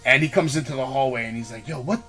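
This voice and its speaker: A man who hosts a podcast, telling stories in an animated, profane way and acting out the quotes. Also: mid-range voice, fast, soft background music. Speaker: podcast host. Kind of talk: casual chat, storytelling.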